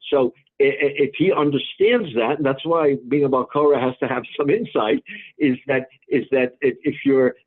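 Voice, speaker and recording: A rabbi teaching a Talmud class, explaining patiently in halting speech with many restarts. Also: male voice, fairly high pitch, husky, phone-quality sound.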